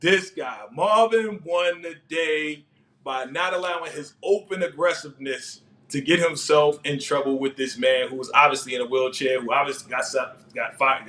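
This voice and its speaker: A man hosting a casual live recap of a TV episode, excitable, laughing often and talking in heavy street slang. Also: on the high side. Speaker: TV show recap host.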